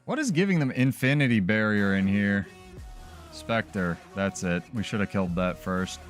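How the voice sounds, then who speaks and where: A man's voice: on the low side, expressive, moderate pace, faint music behind. A man talking casually as a streamer during live gameplay, loose and chatty with many fillers.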